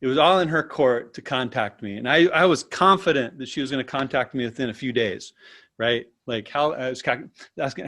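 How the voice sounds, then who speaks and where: A man as an interview guest, telling a personal story in a lively, casual way and often tagging his sentences with "right?". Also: mid-range voice, fairly quick. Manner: animated, tags sentences with "right?".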